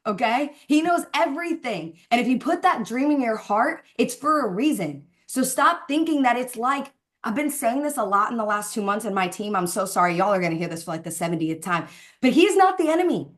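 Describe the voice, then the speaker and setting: A woman's voice: fairly high pitch, expressive, a bit bright. A woman leading a Zoom call for her sales team, giving a fervent, preachy motivational talk about faith. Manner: fervent, preachy, speeds up and slows down for emphasis. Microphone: video call.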